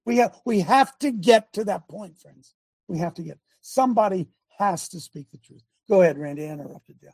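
Husky, dark-voiced fervent male host. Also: high-pitched, animated, a little fast, no echo. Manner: fervent, emphatic, repeats phrases. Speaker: talk show host. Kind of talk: preaching call-in talk.

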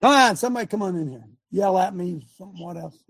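Folksy preacher-host, high and gravelly, dry close sound, emphatic casual sermonizing. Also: male voice, fast, a bit bright, no echo. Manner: folksy, emphatic, talks to his tech aloud. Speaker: preacher hosting a live show.

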